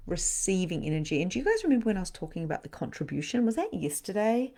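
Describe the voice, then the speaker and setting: A middle-aged woman hosting a live-stream card reading as a spiritual medium, often dropping into a soft whisper. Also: medium pitch, very animated, quick pace.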